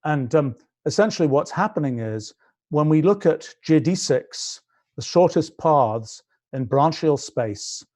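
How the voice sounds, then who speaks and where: A man's voice: a little high, lively intonation, a little slow, a little mellow. A British man in his sixties, a scientist explaining his physics project in a livestream, thinking aloud with many restarts and fillers. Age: 60s.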